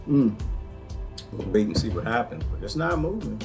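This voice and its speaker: An excitable man hosts a livestream, rambling and laughing as he talks. His voice is very animated, and soft music plays faintly behind him. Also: medium pitch, moderate pace, long pauses. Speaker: livestream host. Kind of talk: livestream commentary.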